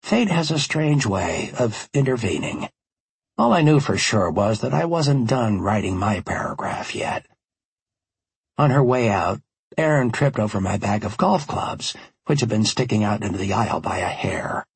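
A man narrating an audiobook in the first person, wry and measured, recorded in a studio. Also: lowish voice, very animated, gravelly, breathy edge, no echo. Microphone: studio microphone.

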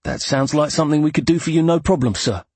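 A man's voice: fairly high pitch, fast talker, darkish tone, husky, dry recording, pitched above the performer's own voice. A man reading an audiobook, voicing an eager, polite young man. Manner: eager, a little shaky.

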